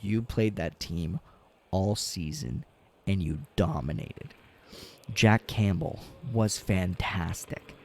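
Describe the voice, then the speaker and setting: A man streaming a game, talking casually and ranting with lots of swearing, dropping to low mutters and rising to loud outbursts. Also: slow. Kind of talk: casual gaming stream chat.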